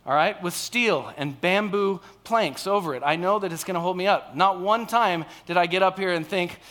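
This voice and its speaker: Man preaching on stage, chatty and engaging; notably high, sharp tone. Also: moderate pace. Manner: conversational, frequent "all right?" and "okay?" check-ins. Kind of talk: sermon.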